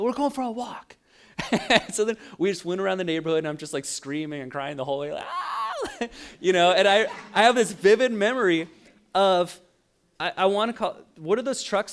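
A man preaches a sermon in a casual, animated way, telling stories and laughing along. His voice sits a little higher than most men's. He sounds like a young adult pastor talking easily with his congregation. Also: smooth.

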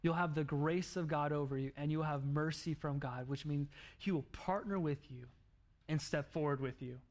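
A man preaching a sermon, telling a story in an animated way with laughs and acted-out quotes. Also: on the high side, moderate pace. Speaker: pastor.

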